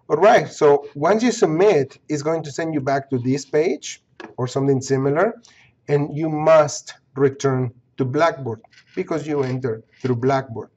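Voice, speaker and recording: Man, course instructor, screen walkthrough, repetitive and instructive, average pitch, muffled recording. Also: a little mellow. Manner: instructive, repeats himself, checks in with "okay?".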